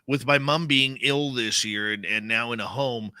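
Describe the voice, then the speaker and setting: A man hosting a radio show talks in a loose, heartfelt way, often tossing in "man". His voice is very bright and forward. The sound is dry and close, with no room around it. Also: mid-range voice, moderate pace, no room sound. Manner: conversational, heartfelt, says "man" a lot. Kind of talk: casual radio chat.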